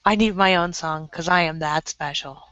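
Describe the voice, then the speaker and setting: A woman's voice: sits low, normal speed, fairly bright tone. A woman chatting on a group video call, giggly and self-mocking, slipping into squealing voices, on slightly muffled call audio. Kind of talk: casual group video chat.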